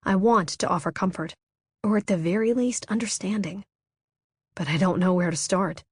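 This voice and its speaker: A woman narrates a first-person romance audiobook in a measured, intimate way. Her voice sits lowish. The recording is close and dry, made on a studio microphone with no room sound. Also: breathy edge, no echo.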